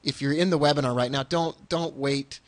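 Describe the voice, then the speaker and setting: Excitable man hosting a webinar. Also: mid-range voice, normal speed, no echo. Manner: excitable, repeats words when eager. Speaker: webinar host. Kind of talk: casual promotional chat.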